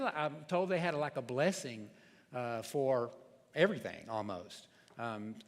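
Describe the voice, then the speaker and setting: Guy pastor giving a sermon, kinda high voice, chatty and restarts a lot, big echoey church. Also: fairly bright tone. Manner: plain, conversational preaching with frequent restarts. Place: church sanctuary.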